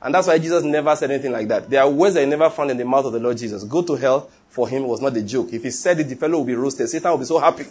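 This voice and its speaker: A man's voice: medium pitch, very fast, hardly any pauses, darkish tone, breathy edge. A man preaching a sermon, emphatic and repetitive, often asking whether his listeners follow. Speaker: pastor.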